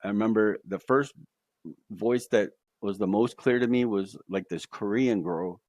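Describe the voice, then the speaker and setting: A man's voice: on the low side, a little slow, a little mellow, no echo. A man guest on a podcast, telling a personal story in an earnest, emphatic way, often saying "literally" and "like".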